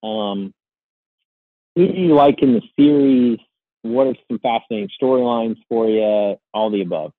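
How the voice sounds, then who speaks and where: A man's voice: mid-range voice, moderate pace, no room sound, phone-quality sound. A man hosting a casual sports podcast, rambling with lots of "like" and restarts. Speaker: podcast host.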